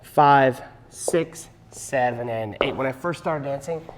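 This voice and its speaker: A man's voice: medium pitch, takes it slowly, slight background noise. Man counting beats in a reverberant hall. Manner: explanatory, counts beats aloud. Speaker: dance instructor. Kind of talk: teaching a dance class. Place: dance studio.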